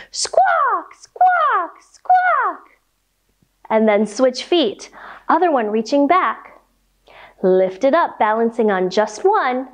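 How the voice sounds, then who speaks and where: A young adult woman leading a children's yoga storytime, reading aloud and giving playful movement cues with animal sounds. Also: fairly high pitch. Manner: animated, slow, playful sound effects for kids.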